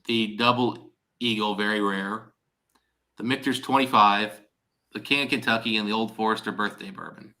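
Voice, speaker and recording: A man's voice: fairly low pitch, fairly even intonation, moderate pace, bright, forceful tone. A man chatting casually on a live stream as its host, rambling and restarting his sentences. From Ohio, USA.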